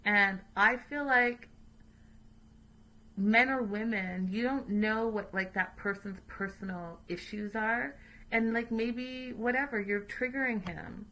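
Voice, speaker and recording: A woman hosts a casual recap, talking straight to her viewers in a chatty, opinionated way. Her voice is bright and lively, and she often breaks into laughter. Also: fairly high pitch, takes it slowly. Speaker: host.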